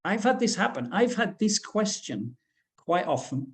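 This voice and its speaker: A man's voice: high voice, very animated, measured pace. A man from the UK presenting a teacher-training webinar, talking in a chatty way with frequent fillers.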